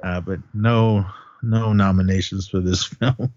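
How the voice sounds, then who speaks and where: A man co-hosting a podcast rambles through a casual film recap, restarting often and leaning on "he goes." His voice sits low and steady with a darkish tone, a little slow. The audio is muffled, dry, and lo-fi, with no echo.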